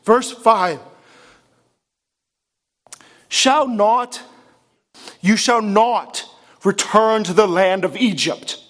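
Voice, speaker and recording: A male pastor with a very high-pitched voice preaches to a congregation. He delivers his sermon with passion and keeps asking rhetorical questions. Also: very slow, pauses often, fairly bright tone.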